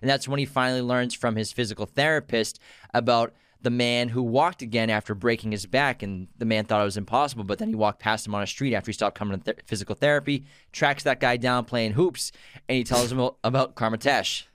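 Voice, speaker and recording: Guy hosting a movie podcast, eager and chatty, mid pitch, dry close sound. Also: steady tone, fairly quick, a bit bright, clear, resonant tone, no echo. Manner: chatty, eager, laughs easily. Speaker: podcast host. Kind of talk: casual movie podcast chat.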